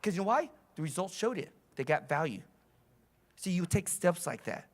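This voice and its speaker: Man, motivational coach, high voice, wildly swooping pitch, shouting, profane, fired up. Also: sing-song, moderate pace. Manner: fiery, shouting and cursing to rouse the audience. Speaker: coach and trainer. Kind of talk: motivational seminar talk. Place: live seminar in front of an audience.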